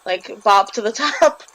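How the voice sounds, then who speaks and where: A woman's voice: high voice, expressive, takes it slowly, low-quality recording. A woman guest on a podcast, chatting casually, joking and laughing often. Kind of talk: casual chat.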